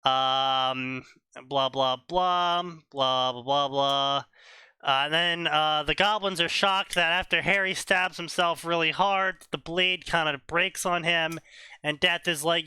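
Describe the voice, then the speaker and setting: A man's voice: fairly high pitch, fairly even intonation, slow pace, pushed and bright, smooth, dry recording, studio quality. A young man co-hosting a comedy show, casually summarizing a story in rambling fashion with lots of filler. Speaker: co-host reading fanfiction.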